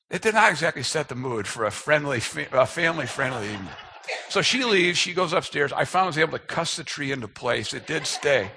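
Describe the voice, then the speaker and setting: A man's voice: a little high, animated, fast, vocal fry, pushed and bright, a little hiss or hum. A man in his fifties, a speaker telling a self-deprecating, humorous personal story as part of a sermon.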